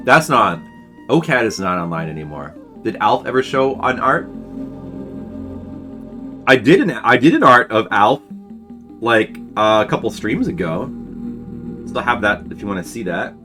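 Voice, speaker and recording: A man's voice: on the low side, very animated, a little slow, pauses often. A man in his forties chatting casually with his viewers while he draws, rambling through old memories with lots of restarts. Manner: rambling, reminiscing, answering chat with many restarts. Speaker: webcomic artist streaming for patrons. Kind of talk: casual chat while drawing on stream. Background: faint background music.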